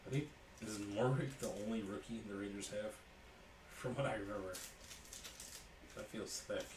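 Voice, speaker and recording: A man's voice: fairly low pitch, fairly even intonation, normal speed, echoey room, far from the mic, noisy background. A man hosting a live sports card break, calling out each card as he opens packs and chatting with viewers by name. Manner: calls out cards as he opens packs, jokes and talks to viewers by name.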